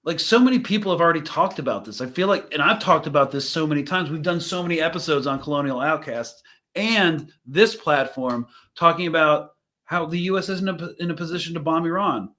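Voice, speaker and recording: A young man hosts a live stream and talks over news clips in a loose, rambling way. His voice sits a little high for a man, and he thinks out loud, trailing off and starting sentences again. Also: brisk. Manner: rambling, thinks aloud with fillers and restarts. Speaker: host reacting to news clips. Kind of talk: casual live commentary.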